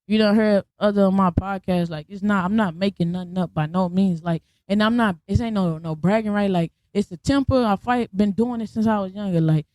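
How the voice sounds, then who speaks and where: A woman's voice: medium pitch, brisk, hardly any pauses, dry recording. A young adult woman hosting a podcast, telling a story in a blunt, slangy, casual way and acting out the people in it. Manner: blunt, slangy, animated retelling with quoted voices. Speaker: podcast host.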